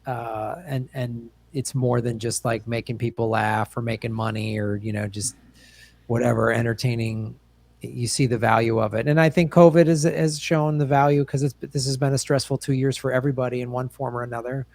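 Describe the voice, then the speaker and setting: A man's voice: medium pitch, steady tone, normal speed, darkish tone. A man appearing as a comedy podcast guest who speaks earnestly and encouragingly, often repeating words as he thinks. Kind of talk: podcast interview chat.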